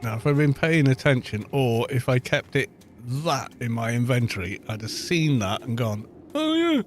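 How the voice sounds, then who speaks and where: A man's voice: mid-range voice, normal speed, a little hiss or hum. A middle-aged Welsh man chatting casually and rambling as he streams a game, poking fun at himself. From Wales. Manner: self-mocking, rambling, chatty. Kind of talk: casual gameplay chat.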